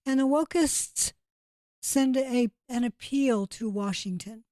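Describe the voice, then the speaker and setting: A woman's voice: a little high, slow pace, mellow, no echo. A woman co-hosting a casual political chat, talking in an easy conversational way. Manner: conversational, chatty. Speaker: co-host.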